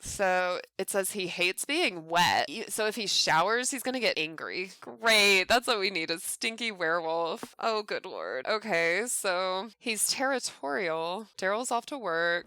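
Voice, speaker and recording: A woman hosting a let's play, narrating a life simulation game with excited commentary and quick put-on lines for the characters. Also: mid-range voice, no room sound. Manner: excitable, voices sims in quick asides.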